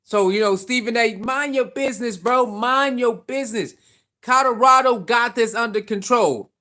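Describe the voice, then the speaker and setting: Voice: medium pitch, moderate pace, sharp tone. A sports commentary vlogger giving casual, opinionated takes, firing off rhetorical questions and repeating points in slangy speech.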